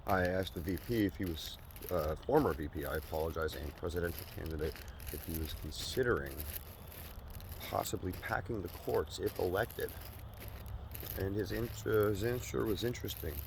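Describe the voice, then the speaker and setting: A man delivering a deadpan satirical monologue outdoors, rambling and halting before building into a loud rant. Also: deep voice, vocal fry, background noise. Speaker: comedic vlogger. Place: outdoors by a store parking lot.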